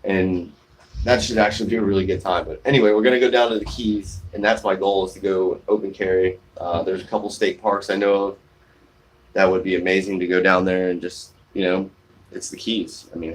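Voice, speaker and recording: A man's voice: sits low, fairly even intonation, fairly quick. Rambling man chatting on a porch. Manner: rambling, many fillers and restarts. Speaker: live streamer reading viewer comments. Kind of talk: casual live-stream chat. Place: outdoors on a shaded home porch.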